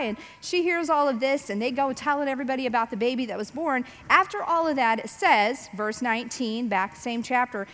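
A woman giving a casual, animated Bible teaching on parenting, acting out voices as she quotes. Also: high voice. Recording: long reverb.

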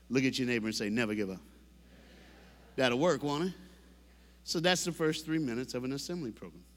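A man's voice: mid-range voice, a bit bright. A man giving a comedic motivational speech, telling stories and acting out voices and sound effects. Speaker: motivational school assembly speaker. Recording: echoey hall reverb.

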